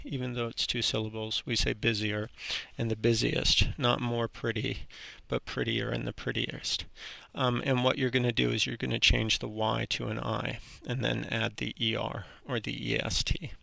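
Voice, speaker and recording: A man with a very gravelly, bright voice teaches an English grammar lesson. He talks in a relaxed, halting way, full of ums and restarts. The recording is dry and close. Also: medium pitch, no room sound.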